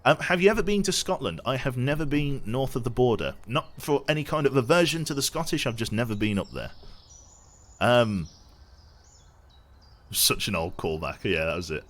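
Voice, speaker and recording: A young Englishman with a posh accent chats casually with viewers while streaming a game, reading chat aloud and being self-deprecating. His mid-range voice is animated, moderately paced and fairly bright.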